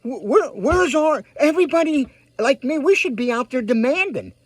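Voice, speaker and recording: A man's voice: very high voice, expressive, normal speed, few pauses, no echo. A man ranting heatedly to his viewers, repeating himself for emphasis and urging them to act. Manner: heated, repetitive, emphatic, addresses viewers directly. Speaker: political vlogger. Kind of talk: ranting direct-to-camera commentary.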